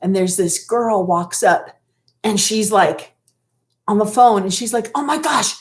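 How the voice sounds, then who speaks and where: A woman's voice: medium pitch, measured pace. A woman co-hosting a casual live stream who tells stories animatedly and acts out the quotes in them. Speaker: co-host. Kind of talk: casual chat.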